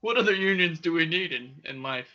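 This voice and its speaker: Young man, very bright voice, crude storyteller, casual podcast chat, dull lo-fi sound. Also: fairly high pitch, lively intonation, brisk. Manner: crude, storytelling, laughs often. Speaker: podcast co-host. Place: Okinawa.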